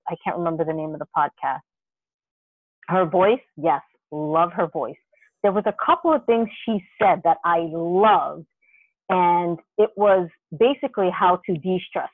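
A podcast co-host chatting casually, telling rambling, animated stories with many restarts and the odd curse word. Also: mid-range voice, no echo. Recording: dry, tinny phone-line sound.

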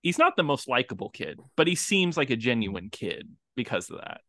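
A man's voice: mid-range voice, normal speed, no room sound, studio quality. A man co-hosting a movie podcast, talking casually and animatedly about a film. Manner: animated, laughs often. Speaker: podcast co-host. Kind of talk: casual movie review chat.

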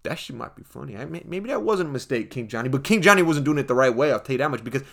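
A man's voice: medium pitch, lively intonation, racing, creaky, fairly bright tone. Joking young man with street slang. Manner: slangy, joking, addresses listeners as folks. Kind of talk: casual comedic monologue.

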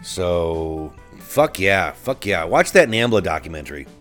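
A middle-aged man with a low voice rants through a solo podcast monologue, swearing freely and stumbling over restarts as he tells his story. Faint music sits under his voice. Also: big pitch swings, measured pace, fairly bright tone. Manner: profane, ranting, frequent restarts. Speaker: podcast host.

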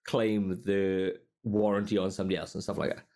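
A man, co-hosting a podcast and telling a story in animated, swearing, casual chat. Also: sits low, a little fast. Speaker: podcast co-host.

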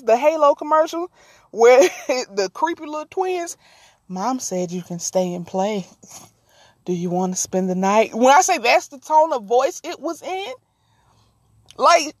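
A woman hosting a casual storytelling podcast, animated and slangy, laughing often. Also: high voice, dry recording. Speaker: podcast host.

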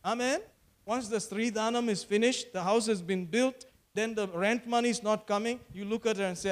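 A man's voice: sits high, normal speed. A man, preaching a sermon as pastor, repeating phrases and calling for amens.

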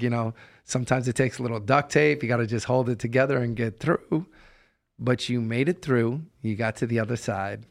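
A man hosting a heart-to-heart interview, telling stories in an earnest, upbeat way. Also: mid-range voice. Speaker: podcast host.

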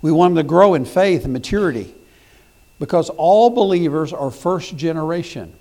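A middle-aged pastor with a fairly high male voice and lively intonation preaches at normal speed. He shares homespun stories, repeating words and restarting, before rising to loud, emphatic moments.

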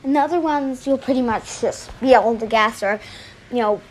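A woman's voice: a little high, fairly quick, a little hiss or hum, poor audio. A woman hosting her own podcast in a casual chat, rambling and hesitant with many fillers, recorded on a phone at home. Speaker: podcast host. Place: indoors at home.

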